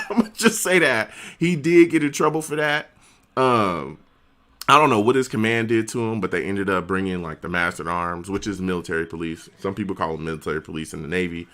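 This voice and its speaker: A man streaming, telling a story in an animated, slangy way and laughing often. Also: on the low side. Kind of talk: casual storytelling.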